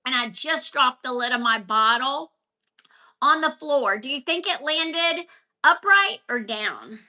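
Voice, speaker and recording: High, bright-voiced woman ranting live. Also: animated, slow. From Texas. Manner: ranting, chatty, answers viewer comments by name. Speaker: livestream host. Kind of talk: casual live-stream chat. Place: home, at a counter. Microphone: phone held vertically.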